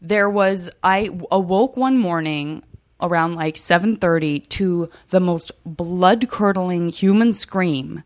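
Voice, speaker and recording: A woman's voice: on the low side, slow pace. A woman hosting a podcast who tells stories in a wry, chatty way and laughs easily. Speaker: podcast host. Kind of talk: casual chat.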